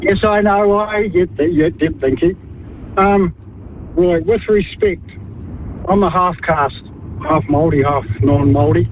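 A high-voiced New Zealand man in his fifties talks earnestly on a radio call-in, stumbling and restarting as he makes his case. The line is thin and phone-like, with faint noise behind. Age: 50s. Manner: earnest, halting, repeats words and restarts. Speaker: caller.

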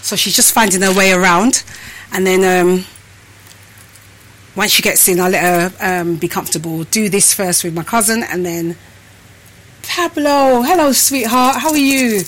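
A woman's voice: on the low side, fairly even intonation, normal speed, a bit bright, low-quality recording. A woman hosting a casual live-stream show, out of breath and chatting freely with her viewers. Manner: chatty, addresses viewers as people and peeps. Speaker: host.

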